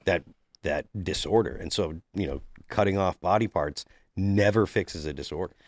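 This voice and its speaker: A man's voice: deep voice, normal speed, dry recording, clean studio sound. A man co-hosting a casual panel discussion, talking earnestly with frequent restarts. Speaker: podcast co-host.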